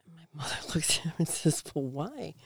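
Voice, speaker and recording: A middle-aged woman chatting as a guest, telling family stories in a lively way and laughing often. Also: sits low, quick pace, whispered. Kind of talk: casual storytelling chat.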